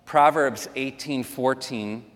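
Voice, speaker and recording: A man's voice: mid-range voice, takes it slowly, a bit bright. A man preaching a sermon as pastor, earnest and conversational, with asides to the congregation. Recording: long reverb of a large hall.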